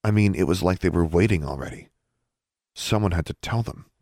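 A man's voice: low voice, fairly quick, a little mellow, no echo, clean studio sound. A man reading an audiobook, voicing a defiant, guarded teenage witch girl in a raised, strained tone. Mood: tense, wounded.

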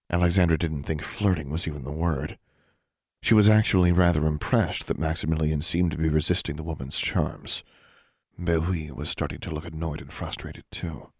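A man narrating an audiobook in a steady, even storytelling manner. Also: a bass voice, normal speed, breathy edge, dry recording, clean studio sound. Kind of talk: scripted narration.

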